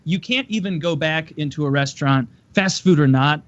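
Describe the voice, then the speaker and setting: A man's voice: on the high side, moderate pace, no room sound. A man co-hosting a podcast who chats casually, laughs a lot and cracks crude jokes. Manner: laughs often, crude wisecracks. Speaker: podcast co-host. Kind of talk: casual chat. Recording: dry, dull lo-fi podcast audio.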